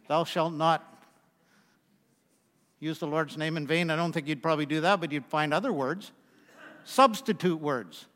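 This sixties-aged man preaches casually, sharing homespun stories and speaking aside to the people in the pews. His voice sits high with a fairly bright tone, carried by the long reverb of a large hall.

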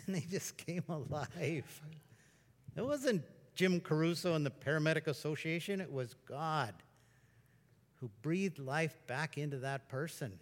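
Male preacher, slightly high voice, conversational sermon delivery, long hall echo. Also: measured pace. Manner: conversational storytelling preacher, bursts into excited exclamations. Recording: long reverb of a large hall.

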